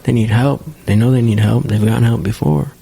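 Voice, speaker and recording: A young man speaking as a podcast guest in a candid, earnest conversation, halting often and leaning on "you know". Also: mid-range voice, steady tone, gravelly, warm tone, slightly rough. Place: home basement studio.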